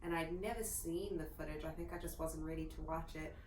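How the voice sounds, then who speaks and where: Young woman, low voice, laid-back storyteller, echoey room with faint hiss, for a chat show. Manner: relaxed, laughing often, with filler pauses. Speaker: co-host.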